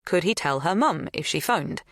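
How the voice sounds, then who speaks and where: A woman reading a thriller audiobook in measured, scripted first-person narration. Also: low voice, lively intonation, vocal fry, no echo, studio quality.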